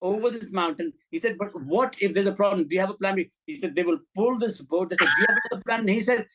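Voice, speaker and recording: A middle-aged director being interviewed speaks fast in a high voice, delivering candid, profane, blunt anecdotes with plenty of animation. He acts out quoted exchanges, all over a rough recording.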